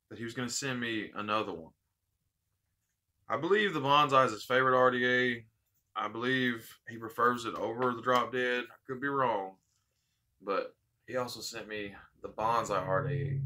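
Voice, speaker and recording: Bright-voiced man from the American South. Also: mid-range voice. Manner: heartfelt, rambling, repeats phrases. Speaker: vape channel host. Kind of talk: casual unboxing vlog.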